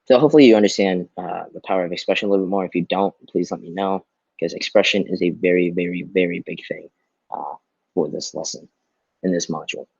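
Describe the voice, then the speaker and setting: A man's voice: low-pitched, quick pace, creaky, darkish tone, husky, no echo, muffled recording. A male teacher giving a recorded online lesson, explaining patiently and often checking in with "right?".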